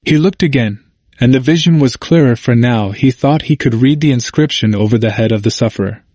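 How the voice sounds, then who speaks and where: A man reading a historical text aloud in a measured, earnest way. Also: medium pitch, a little mellow, no echo, clean studio sound.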